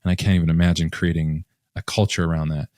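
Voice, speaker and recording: A man hosts a podcast and answers his guest with thoughtful, admiring remarks. His voice sits very low, and the sound is dry, with no room echo. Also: little pitch movement, fast talker, darkish tone. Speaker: podcast host. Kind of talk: casual interview talk.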